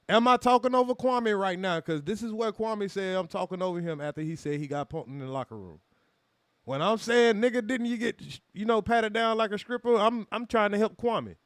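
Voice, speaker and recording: A man's voice: sits high, lively intonation, moderate pace, no echo, studio quality. A man hosting a reaction channel, talking heatedly to his live chat with lots of swearing and rhetorical questions. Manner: heated, profane, rhetorical questions, calls out chatters. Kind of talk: commentary monologue to a live chat.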